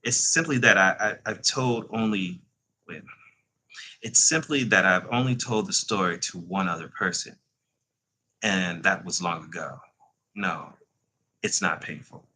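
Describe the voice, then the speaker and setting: A man reading as a calm old male vampire. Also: deep voice, a little hiss or hum, heavily acted, poor audio. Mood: composed. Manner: measured, unhurried storytelling. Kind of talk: reading a novel aloud.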